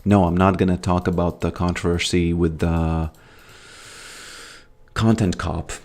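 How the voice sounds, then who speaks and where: This American man streams his gameplay, casually commenting, reading chat questions aloud, and rambling through loose thoughts that trail off. His low voice barely shifts in pitch and comes across a little slow and mellow.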